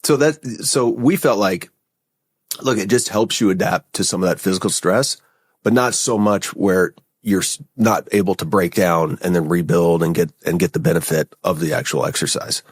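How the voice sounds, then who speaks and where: Deep-voiced casual male podcast guest. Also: moderate pace, breathy edge, no room sound, clean studio sound. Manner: casual, frequent "right?" and "like" fillers. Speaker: podcast guest, company founder. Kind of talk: conversational interview.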